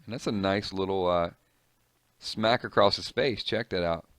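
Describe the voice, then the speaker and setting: A man's voice: sits low, normal speed, fairly bright tone, no room sound, clean studio sound. A man casually reading and commenting on a comic, chatty and reactive, musing aloud.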